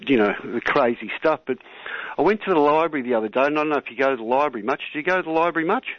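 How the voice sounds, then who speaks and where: A man's voice: mid-range voice, dry recording. An Australian man rings in to a radio show. He talks in a loose, rambling, friendly way, with lots of "mate" and "you know". His voice comes through a dry, dull, lo-fi phone line. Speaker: caller.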